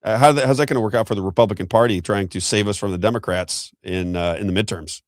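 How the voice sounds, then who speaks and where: A man's voice: lowish voice, no echo, studio quality. An American man hosting a political talk show, giving emphatic, unscripted commentary and repeating his points. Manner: fast, emphatic, repeats himself.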